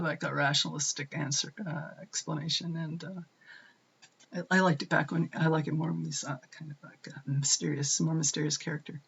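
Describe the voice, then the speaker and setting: A woman talking casually as she reviews a book and its film versions, pausing often with fillers and restarting her sentences. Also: fairly low pitch, husky. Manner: hesitant, many "uh" fillers and restarts. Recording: dull lo-fi sound.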